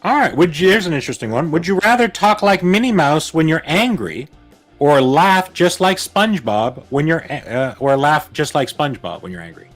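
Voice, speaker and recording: A man's voice: fairly high pitch, lively intonation, moderate pace, faint music behind. A man co-hosting a live stream chat, joking and rambling through would-you-rather questions, often asking "you know what I mean?".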